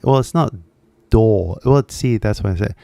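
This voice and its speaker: A man's voice: fairly low pitch, normal speed, vocal fry, warm tone, no echo. A man with a Californian accent, an English teacher chatting casually and filling his talk with fillers as he switches languages. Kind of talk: casual livestream chat.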